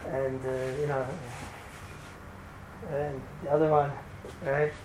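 A man giving an informal religious talk to a group, telling a rambling, animated story full of "right?" asides. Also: mid-range voice, slow pace. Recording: noisy background hiss.

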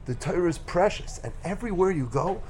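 A man voicing a calm, wise older male rabbi who instructs his son in a told story. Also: fairly high pitch, measured pace, slight background noise. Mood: instructive. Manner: calm, instructive, then emphatic.

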